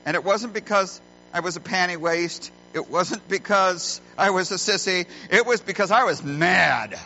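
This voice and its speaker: A middle-aged man preaching a sermon as a pastor, earnest and folksy, telling stories with deliberate pauses, recorded in a church. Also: high-pitched, vocal fry, bright, forceful tone. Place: church sanctuary. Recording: muffled lo-fi recording with faint hum.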